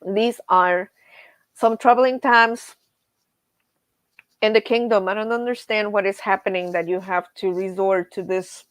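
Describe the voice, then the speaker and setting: A woman's voice: medium pitch, slow pace, pauses often, no echo. A woman hosting a casual livestream, telling stories with laughter and reading viewer comments aloud. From grew up on a ranch. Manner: animated storytelling with laughs. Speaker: livestream host.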